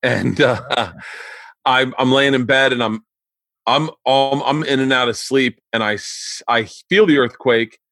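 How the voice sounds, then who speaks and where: A comedian in his forties hosts a relaxed chat podcast and tells stories in a loose, casual way, often laughing along. His voice sits in the middle range for a man, and the recording is dry and close, with no room echo. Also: medium pitch, measured pace, gravelly. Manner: laughs often, reacts a lot, casual storyteller.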